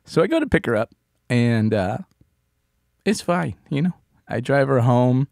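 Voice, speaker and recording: Podcast co-host, male, gravelly voice with lively pitch, halting and heartfelt, dry close mic. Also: no room sound. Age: adult parent of a small child. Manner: halting, restarts sentences, drops to soft tones. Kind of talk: emotional personal storytelling.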